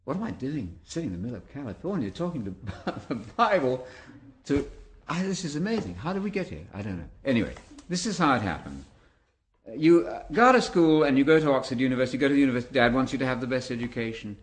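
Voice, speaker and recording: A man's voice: mid-range voice, sing-song, quick pace. An older man with an English accent, a guest speaker telling wry, chatty stories about his life to an audience. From England. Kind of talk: storytelling talk to an audience.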